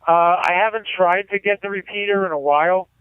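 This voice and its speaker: Ham operator on air, a man explaining his gear with enthusiasm, clear voice through a tinny radio link. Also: high voice, brisk, no room sound. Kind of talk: casual radio chat.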